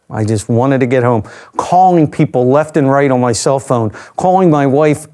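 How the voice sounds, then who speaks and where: A man's voice: mid-range voice, moderate pace, darkish tone, clear, resonant tone. An older man, an interview guest, telling a personal story in a reflective, conversational way with dry asides.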